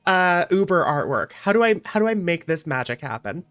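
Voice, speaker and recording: A woman's voice: on the low side, sing-song, fairly quick. A woman streamer hosting a stream, chatting in a playful, joking way with a friend. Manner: playful, giggly, joking banter. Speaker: streamer host. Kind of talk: casual chat. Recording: faint background music.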